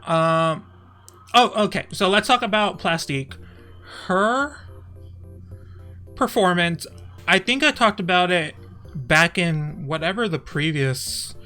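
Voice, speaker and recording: A young man from Texas rambles through casual stream commentary, laughing often and breaking off mid-sentence. His voice is bright and sits a touch high. Faint music plays under him. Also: slow, pauses often, clean tone. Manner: chatty, laughing often, trailing off.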